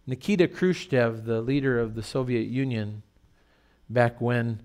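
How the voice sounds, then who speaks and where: A middle-aged male pastor preaching a sermon in a conversational, storytelling way with rhetorical questions. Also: medium pitch.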